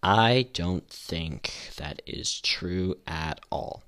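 Low-voiced man hosting a rambling podcast. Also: lively intonation, drawn-out words, a bit bright. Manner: rambling, with many restarts and fillers. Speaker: podcast host. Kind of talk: casual solo podcast commentary.

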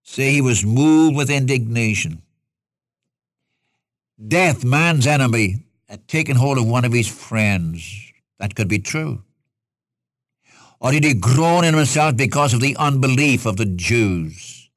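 A man's voice: mid-range voice, expressive, unhurried, no room sound, studio quality. A man preaching a sermon in an earnest, folksy way, asking rhetorical questions and speaking straight to his listeners as a Bible teacher.

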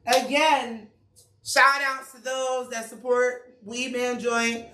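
A talkative woman chef runs through promos in an easy, slangy way, often laughing. Her voice is bright and sharp. It comes from some distance off in a roomy, echoing space. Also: a little high, slow pace. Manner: chatty, laughing, relaxed slang. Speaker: chef and restaurant owner. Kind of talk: casual promo chat. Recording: echoey room, mic far off.

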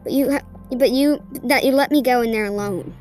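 A brave young girl in a ghost story, pleading and insistent, as a woman reads her lines. The voice is high and lifted, with faint music in the background. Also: fairly quick, a little mellow, lightly acted. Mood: earnest.

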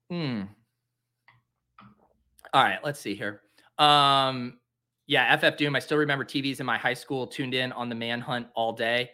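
Unhurried and sharp-toned, with long pauses and a mostly even, mid-range delivery, a Boston-area podcast host in his late twenties offers relaxed live commentary. He rambles and jokes, now and then breaking into dramatic, self-pitying rants.

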